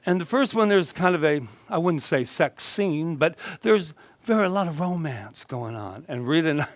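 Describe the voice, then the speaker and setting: A man minister delivering a loose, conversational sermon, joking and laughing between points. His voice sits a little higher than most men's and sounds close and dry, with hardly any room echo. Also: lively intonation, normal speed. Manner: playful, chatty, laughing often. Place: church sanctuary.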